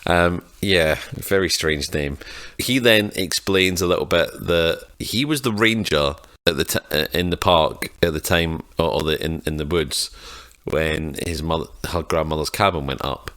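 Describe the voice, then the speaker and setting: A man's voice: low voice, normal speed, a bit bright, no room sound. A man co-hosting a film podcast, recapping the plot in a rambling, jokey way. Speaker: podcast co-host. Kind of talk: casual film review chat.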